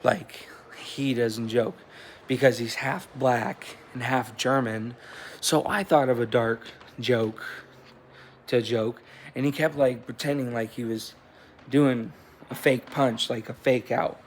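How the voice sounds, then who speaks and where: Man, twenties, middle pitch, casual vlog chat, rambling, swears, faint hiss behind. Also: fairly even intonation, a little slow. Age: 20s. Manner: loose storytelling with frequent swearing and restarts. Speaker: vlogger. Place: indoors at home, with a cat.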